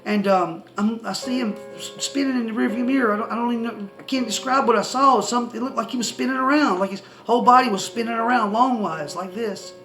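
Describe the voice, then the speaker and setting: A man telling a personal testimony story to the camera, excitable and rambling with many restarts. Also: extremely high pitch, a little fast, few pauses, soft background music, rough recording. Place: indoors, seated facing the camera.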